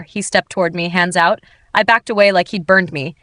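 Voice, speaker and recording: A woman's voice: mid-range voice, moderate pace, fairly bright tone, no room sound. A woman reading a first-person romance story aloud with dramatic, emotional delivery. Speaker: audiobook narrator. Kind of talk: first-person scripted narration.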